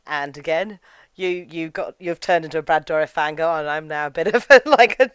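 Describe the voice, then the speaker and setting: A woman's voice: low-pitched, brisk, a bit bright, clean tone, no room sound. A woman co-hosting a podcast, chatting casually about a film and acting out her own reactions. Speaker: podcast co-host. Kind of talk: casual film review chat.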